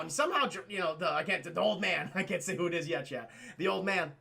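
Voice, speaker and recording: A man's voice: a little high, expressive, a little fast, gravelly, bright, forceful tone, slightly rough. A man casually recapping a film for his chat in a loose, profane, rambling way. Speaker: streamer and film reviewer.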